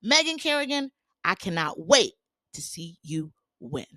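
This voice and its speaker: A woman's voice: mid-range voice, unhurried, no echo, studio quality. A woman hosting a podcast, recapping reality TV in a sassy, casual gossip style. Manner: sassy, animated, acts out quotes in put-on voices.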